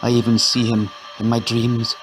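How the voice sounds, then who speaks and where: A man reading an audio story, voicing a downtrodden, haunted wife who speaks in a measured, grave and despairing way. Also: mid-range voice, completely flat delivery, slight background noise, lightly acted, poor audio. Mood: bitter, despairing.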